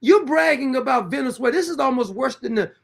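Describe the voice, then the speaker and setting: Gravelly combative man ranting. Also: extremely high pitch, expressive, fast talker, fairly bright tone. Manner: combative, taunting, blunt, profane. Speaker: host of a commentary show. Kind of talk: ranting commentary. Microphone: desktop mic for live streaming.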